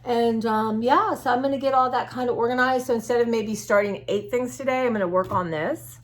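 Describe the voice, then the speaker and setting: A woman's voice: a little high, a little fast. A woman vlogging about her art journaling, chatting to her viewers in a rambling, open-hearted way, with many restarts. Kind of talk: casual chat to viewers. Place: at home.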